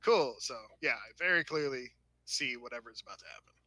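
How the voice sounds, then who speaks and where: A man's voice: medium pitch, expressive, fast, pushed and bright. A man playing in a tabletop game, trading dry, joking quips. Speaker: player. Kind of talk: casual tabletop play.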